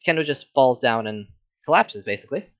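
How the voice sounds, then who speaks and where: A narrator of a fan roleplay reading cracks casual, joking asides. The voice rises and falls in a lively way. The pitch sits in the middle. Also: fairly quick.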